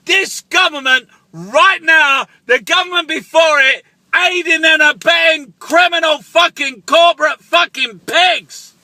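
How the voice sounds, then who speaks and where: A man in a furious political rant, his voice very high and piercingly bright. He shouts and swears constantly and keeps breaking off mid-sentence to start over. The sound is close and completely dry. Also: measured pace, few pauses, no room sound. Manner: shouting, swearing heavily, stumbling restarts.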